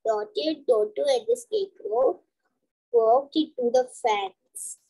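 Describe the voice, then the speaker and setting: A young reader reading a storybook aloud slowly and carefully, with restarts and repeated words. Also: female voice, sits high, sing-song, dark tone, poor audio. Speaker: student reader.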